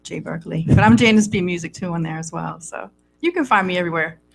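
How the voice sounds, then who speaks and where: A woman with a raspy voice, a singer-songwriter chatting easygoing as a guest in a radio studio. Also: quick pace, faint music behind. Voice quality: raspy low voice. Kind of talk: casual radio interview chat.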